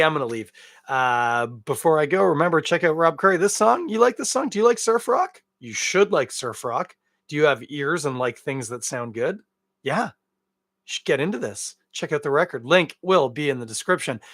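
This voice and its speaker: A man hosting a beer podcast in casual solo chat, rambling and joking, with big swings between loud bursts and quiet asides. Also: on the high side, no room sound, clean studio sound. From Canada. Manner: rambling, jokey and animated, with big swings in loudness.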